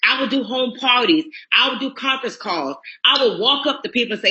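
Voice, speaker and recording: Woman, bright forceful voice, blunt preachy sales pitch over a dull phone-call line. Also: expressive, fairly quick, hardly any pauses. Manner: blunt, preachy, talks straight to listeners. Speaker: network marketing recruiter.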